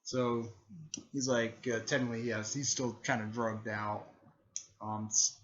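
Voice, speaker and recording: A man retells a fan-made story in a loose, rambling way, leaning on fillers and restarting his sentences. His voice sits at an ordinary middle pitch for a man. The recording sounds slightly dull and lo-fi. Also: flat delivery, measured pace, fairly bright tone. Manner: rambling, filler-heavy, repeats "mostly" and "there".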